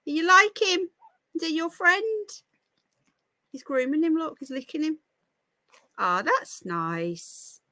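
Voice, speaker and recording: A woman's voice: extremely high pitch, normal speed, long pauses, sharp tone, dry recording. A woman hosting a casual live stream, talking to her pets in cooing baby talk. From United Kingdom. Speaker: livestream host.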